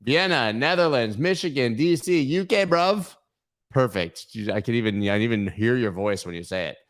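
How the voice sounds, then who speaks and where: A man's voice: mid-range voice, normal speed. A man hosting a live crypto news stream in a casual chat style, joking and riffing as he talks to his viewers on a webcam. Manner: jokey and playful, riffing on silly bits. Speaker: host of a crypto news livestream. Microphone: webcam framing, sitting at camera.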